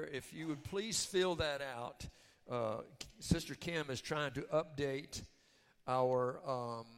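Pastor preaching in a reverberant church. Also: male voice, fairly high pitch. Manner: builds from chatty announcements to shouted emphasis. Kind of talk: sermon. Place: church sanctuary. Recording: long reverb of a church hall.

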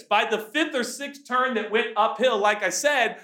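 A man in his forties, a pastor, preaching a sermon with lively storytelling and acted-out shouts. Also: extremely high pitch, a little slow, few pauses, reverberant. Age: 40s. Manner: storytelling, animated, acts out his own shouts.

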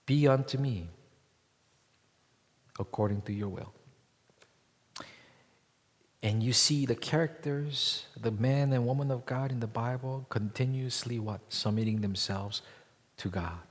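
A pastor preaches a sermon in a reverberant hall, speaking emphatically and asking rhetorical questions. His voice is medium in pitch and his pace unhurried.

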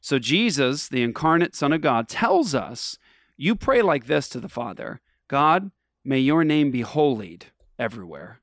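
A man's voice: mid-range voice, very animated, a little slow, a bit bright, dry recording, studio quality. A man hosting a faith radio show, talking in an earnest, emphatic, preacherly way. He sounds tired from travel. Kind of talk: casual faith talk.

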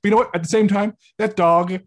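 A man's voice: high voice, steady tone, quick pace. A man in a casual movie podcast chat, riffing in jokey rants.

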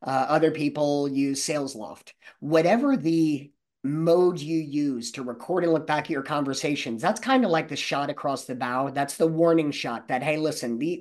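A man who trains salespeople, answering interview questions in a confident, coaching manner. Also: on the high side.

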